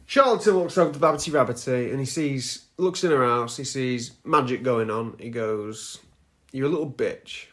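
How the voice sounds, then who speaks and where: A man's voice: medium pitch, normal speed, few pauses, fairly bright tone, a little hiss or hum. A man hosting a podcast, casually retelling a story with loose, sweary asides and frequent "right?" check-ins. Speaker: podcast host.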